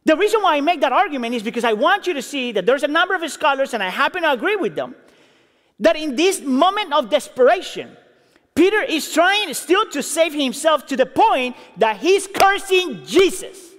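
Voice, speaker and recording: A man preaching a sermon, acting out quoted lines and building intensity before dropping low and quiet. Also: normal speed. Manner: expressive, acts out quotes, builds intensity then drops low. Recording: reverberant hall.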